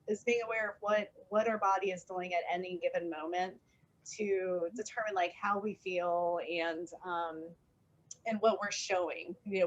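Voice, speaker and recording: A woman guest on an art podcast, chatting about body awareness in a loose, filler-heavy way. Her voice is lowish. The audio is dull and lo-fi, like a remote call. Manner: rambling, many fillers like "like" and "um". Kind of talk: casual chat.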